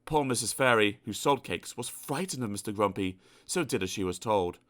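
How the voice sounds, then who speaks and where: A man's voice: on the low side, expressive, normal speed, a bit bright. A man narrating a children's storybook aloud with playful asides to the listener. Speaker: audiobook narrator.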